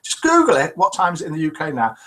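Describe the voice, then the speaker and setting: A man's voice: a little high, wildly swooping pitch, fast talker, a bit bright. A man hosting a live chat show, reading out viewer comments and telling jokes in a chatty, teasing way.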